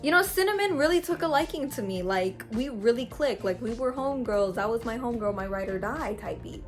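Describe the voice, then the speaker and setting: A young adult woman telling a story-time vlog in a slangy, animated way, with big swings in loudness. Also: a little high, brisk, soft background music. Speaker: vlogger.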